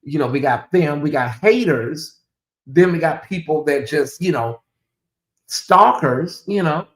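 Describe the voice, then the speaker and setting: A middle-aged man hosting a casual livestream, talking straight to his chat in an animated, teasing way. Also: a little high, measured pace. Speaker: livestream host. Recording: echoey room.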